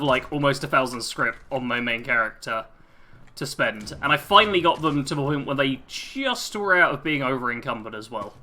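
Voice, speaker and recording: A man's voice: mid-range voice, bright, forceful tone, slight background noise. A young man with an English accent that drifts between posh and street, chatting through a live game stream, reading out chat messages and laughing easily. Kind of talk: live gameplay commentary.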